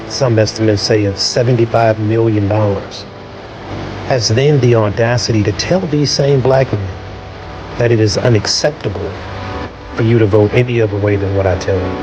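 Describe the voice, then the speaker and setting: A man giving an exasperated political reaction monologue, ranting and repeating himself. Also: on the low side. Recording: dull lo-fi audio with music underneath.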